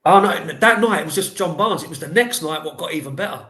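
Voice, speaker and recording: A man on a podcast as a guest, telling animated, rambling anecdotes in casual chat with lots of "like". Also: on the high side, fast, echoey room. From England.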